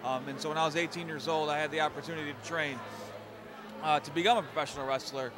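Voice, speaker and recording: A man's voice: fairly high pitch, steady tone, fast. A man in his thirties, a pro wrestler answering interview questions in a friendly, chatty way. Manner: friendly and chatty, repeats words and says "man" often. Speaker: professional wrestler guest. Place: outdoors at a busy fan convention. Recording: crowd noise behind.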